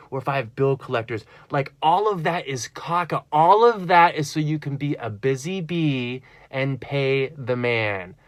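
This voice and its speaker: A man's voice: mid-range voice, fairly bright tone, no room sound. A man talking in a rambling personal monologue, earnest and full of fillers and restarts. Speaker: vlogger.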